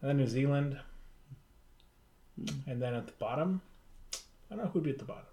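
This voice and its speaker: A man's voice: medium pitch, animated, fairly quick, warm tone, a little hiss or hum. A man chatting casually among friends, rambling and swearing freely, laughing often. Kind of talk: casual chat.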